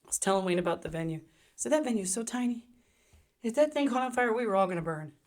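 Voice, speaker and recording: A middle-aged woman co-hosting a podcast, telling a story in casual chat, swearing freely and acting out quotes in high voices. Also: expressive, fast talker. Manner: swears freely, laughs often. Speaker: podcast co-host.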